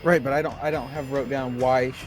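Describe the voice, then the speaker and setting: A man's voice: medium pitch, fairly even intonation, fast talker, soft background music. A man playing a tabletop game who chats casually and rambles, restarting his sentences often. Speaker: player.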